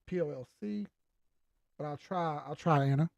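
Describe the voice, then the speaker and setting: A man's voice: fairly high pitch, normal speed, vocal fry, a little mellow, no room sound, lo-fi sound. An older man hosting a crypto livestream, talking loosely and with profanity while reading out viewer comments. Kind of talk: casual livestream chat.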